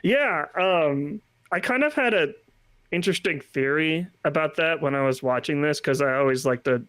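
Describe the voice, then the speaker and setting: A man co-hosting a film review podcast, talking casually and haltingly with many restarts. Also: a little high, animated, fairly bright tone, clear, resonant tone, no room sound. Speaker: podcast co-host.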